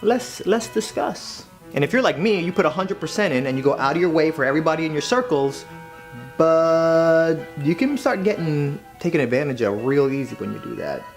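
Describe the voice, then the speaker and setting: Guy youtuber narrating a funny story, swoops his pitch a lot, does little voices for people. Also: a little fast, faint music behind. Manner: animated, acts out quoted voices. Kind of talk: scripted comedic storytelling.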